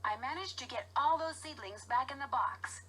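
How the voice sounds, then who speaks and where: A woman's voice: sits high, animated, moderate pace, fairly bright tone, breathy edge, exaggerated voice. A polite young woman detective.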